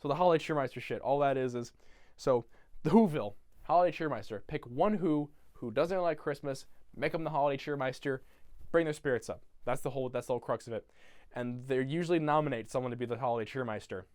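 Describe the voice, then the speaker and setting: A man's voice: medium pitch, fast talker, a little mellow, dry recording, studio quality. A young man rambling profanely through a retelling of a film from memory, laughing as he goes. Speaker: YouTuber.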